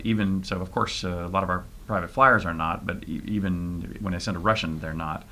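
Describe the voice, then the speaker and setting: Low, bright-voiced man, halting interview answers. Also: steady tone. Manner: halting, many fillers and restarts. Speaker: interview guest, private spaceflight trainee.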